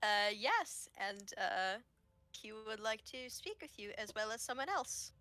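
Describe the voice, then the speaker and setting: A woman's voice: medium pitch, lively intonation, measured pace, pushed and bright, no echo. A woman voicing a polite adventurer who speaks in a formal, courteous way.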